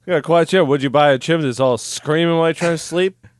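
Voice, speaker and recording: Brief: male co-host, dry absurd humor, raised pitch, dry booth. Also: fast talker, smooth, no room sound. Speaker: podcast co-host. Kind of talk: casual comedic chat.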